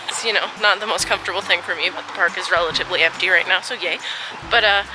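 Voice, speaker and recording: A woman's voice: lowish voice, steady tone, quick pace, loud music behind the voice, rough recording. A woman chatting casually in a vlog while walking her dogs outdoors at a dog park, a little out of breath, recording on a handheld camera. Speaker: vlogger.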